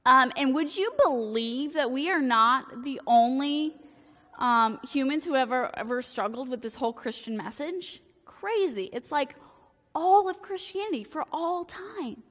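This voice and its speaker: A woman's voice: high voice, animated, unhurried, fairly bright tone, in a large hall. A woman preaching a sermon in a church, casual and joking, peppering her talk with "like". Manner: casual, joking, talks in valley-girl-like "like" phrasing. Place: church sanctuary.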